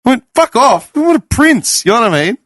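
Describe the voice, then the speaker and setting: Animated, swearing Australian man. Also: extremely high pitch, fast talker, no room sound, studio quality. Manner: animated storyteller, swears freely, acts out both sides of arguments. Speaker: podcast panelist. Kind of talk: casual chat.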